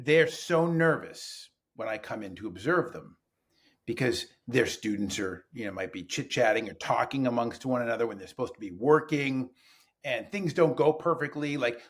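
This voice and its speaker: A man who trains teachers, a guest on a podcast, telling stories in conversation and acting out the dialogue. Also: medium pitch. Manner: animated, acts out dialogue in changing voices. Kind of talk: conversational storytelling.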